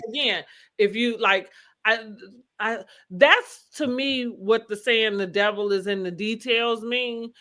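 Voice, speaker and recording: A woman's voice: a little high, slow, sharp tone. A woman co-hosting a casual reality-TV recap podcast, talking through the drama with rhetorical questions and easy laughs. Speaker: podcast co-host.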